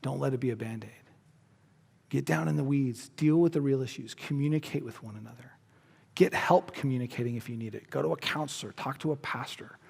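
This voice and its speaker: A man preaching a sermon as pastor, casual and joking, with animated asides. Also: mid-range voice, fairly quick, vocal fry, breathy edge. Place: church sanctuary. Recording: long church-hall reverb.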